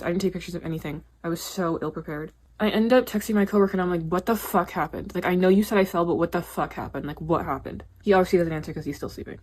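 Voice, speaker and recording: A woman's voice: fairly low pitch, a little mellow. A young woman telling her own story to the camera in a casual, confessional way, full of "like" and "literally". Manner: chatty, confessional, peppered with 'like' and 'literally'; grows indignant and emphatic.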